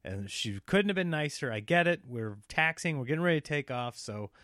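A man in his thirties telling a story in casual chat, animated and slipping into the voices of people in it. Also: fairly high pitch, a little fast, no echo, clean studio sound.

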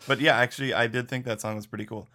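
A man's voice: mid-range voice, fairly even intonation, very fast, sharp tone. A man co-hosting a podcast in casual chat, laid-back, laughing often and saying "dude" and "like". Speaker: podcast co-host.

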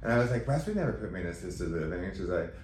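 A man guest on a podcast, candidly telling a personal story in an emotional, animated way and acting out quoted dialogue. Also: low-pitched, rapid-fire. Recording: roomy echo, faint background noise.

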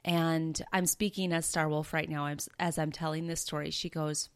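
Woman in her 30s, podcast host, earnest personal storytelling, smooth and lower-pitched. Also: little pitch movement, normal speed. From Minnesota, USA. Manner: earnest, conversational, with quoted dialogue. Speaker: podcast host and breathwork facilitator.

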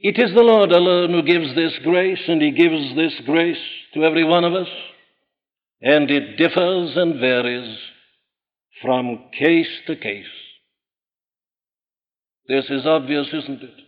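A man preaching a sermon in an emphatic, rhetorical manner, rising to forceful peaks. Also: on the high side, a little slow, long pauses. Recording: dull old recording in a large reverberant hall.

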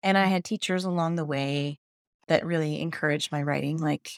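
A woman's voice: low voice, moderate pace, clear, resonant tone, dry recording, studio quality. A woman in her fifties, a journalist guest telling her story in a casual podcast chat, enthusiastic and laughing often. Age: 50s.

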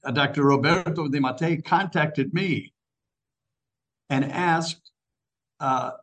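A man's voice: fairly high pitch, takes it slowly, a bit bright, poor audio. An older man, a priest and author, telling stories as a radio interview guest, often repeating his words. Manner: repeats phrases, storytelling.

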